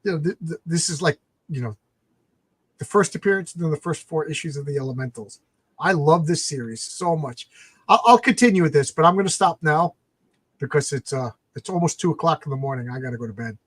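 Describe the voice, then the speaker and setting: A man's voice: on the high side, expressive, fairly quick, no echo. A man hosting a casual late-night comics live stream, rambling as he retells comic plots.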